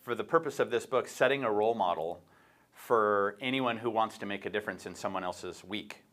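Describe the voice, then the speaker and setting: A male host with a low voice chats through his story at a quick clip. He rambles and restarts often, padding sentences with fillers as he retells a book to his co-hosts. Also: fairly bright tone. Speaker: show host. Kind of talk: casual morning-show chat, retelling a book.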